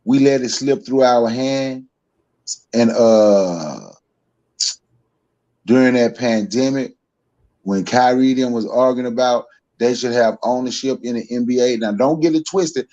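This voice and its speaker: A man's voice: mid-range voice, a little slow, long pauses, mellow, muffled recording. A Southern American man from Mississippi chats casually on a podcast, calling in by phone. He laughs easily and often, chuckling between his points. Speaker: guest.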